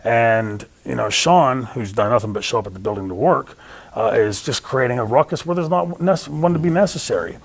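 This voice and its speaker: A man's voice: mid-range voice, brisk, slightly rough. A man telling stories in an interview, acting out the voices of the people he quotes. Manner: animated storyteller, acts out quoted voices. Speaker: interview guest. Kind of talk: storytelling interview.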